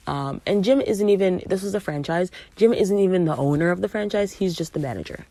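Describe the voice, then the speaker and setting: Young woman, low voice, dry close sound, casual emphatic storytelling, swears, acts out dialogue. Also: lively intonation, fast, hardly any pauses, mellow, dry recording. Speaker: podcast host.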